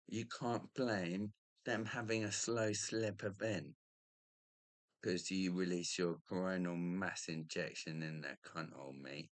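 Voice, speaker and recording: A man talking straight to camera in a rambling, profane monologue, swearing casually as he drifts from one thought to the next. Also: fairly low pitch. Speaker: vlogger.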